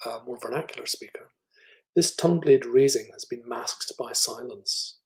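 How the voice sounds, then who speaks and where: A middle-aged Scottish man with an educated, middle-class accent works through a phonetics talk. He speaks at a mid pitch, thinks aloud with fillers and restarts, and sounds out sample words as he goes. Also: normal speed, darkish tone, rough recording. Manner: thoughtful, with fillers and restarts, demonstrating speech sounds. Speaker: phonetics professor giving a lecture. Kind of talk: academic online lecture.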